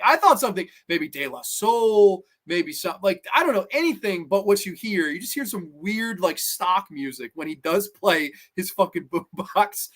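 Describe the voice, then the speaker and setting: Profane, animated man reviewing horror films. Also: high-pitched. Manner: animated, profane, acts out quotes in funny voices. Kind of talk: casual countdown commentary.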